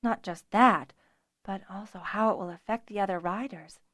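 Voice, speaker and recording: A woman's voice: medium pitch, normal speed, fairly bright tone, dry recording, clean studio sound, lightly acted. A woman reading an anxious, earnest young female dragonrider in an audiobook. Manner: worried, earnest, candid.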